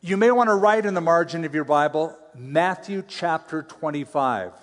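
A pastor teaching a sermon in a conversational way, with playful asides between scripture readings. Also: male voice, on the high side, moderate pace. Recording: long hall reverb.

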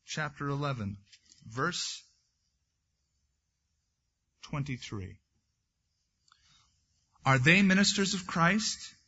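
A man's voice: a little high, very animated, extremely slow, long pauses, bright, forceful tone, slightly rough, highs cut off. A man preaching a sermon as a pastor, reading scripture aloud and then breaking into conversational asides.

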